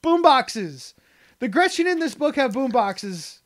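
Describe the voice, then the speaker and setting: Excited podcast cohost rambling about a book they loved, lots of um and like, laughs a lot. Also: high-pitched, unhurried. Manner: enthusiastic, rambling, laughs often. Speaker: podcast co-host. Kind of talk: casual chat.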